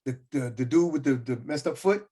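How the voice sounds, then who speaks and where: A podcast co-host rants in casual slang, acting out the lines he quotes. His voice sits on the high side, warm and husky, and he speaks fairly quickly in this casual chat.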